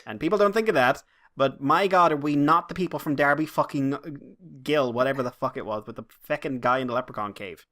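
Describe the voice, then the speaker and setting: He's an Irish co-host on a laid-back podcast, and his medium-pitched, fairly bright voice moves a little fast. The chat wanders into rants, and he swears a lot along the way.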